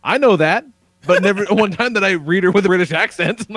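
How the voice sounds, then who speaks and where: A man's voice: high voice, a little fast, a bit bright, dry recording. A man hosting a podcast, chatting casually and swearing freely as he wraps up the show. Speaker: podcast host. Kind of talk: casual chat.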